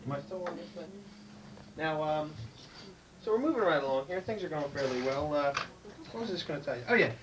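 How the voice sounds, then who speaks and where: A man's voice: a little fast, long pauses. A male stand-up comedian and emcee telling rambling stories on stage, heard from a distance in a noisy club. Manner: rambling, jumps into high excited voices for punchlines.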